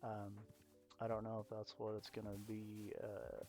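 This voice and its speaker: A man's voice: lowish voice, monotone, measured pace, a little mellow, faint music behind. A man giving rambling, self-mocking let's-play commentary with lots of fillers, talking into a desk mic. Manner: chatty, digressive, self-mocking, many fillers. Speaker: gaming YouTuber.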